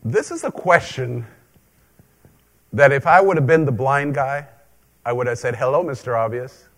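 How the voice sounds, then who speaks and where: A man's voice: medium pitch, animated, unhurried. A man preaching a conversational sermon as a pastor, joking in asides and repeating phrases for emphasis.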